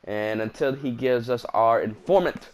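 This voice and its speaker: A man's voice: mid-range voice, moderate pace, darkish tone. Laid-back man narrating a game walkthrough. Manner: laid-back, slangy, rambling asides. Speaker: gaming commentator. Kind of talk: casual walkthrough commentary over gameplay.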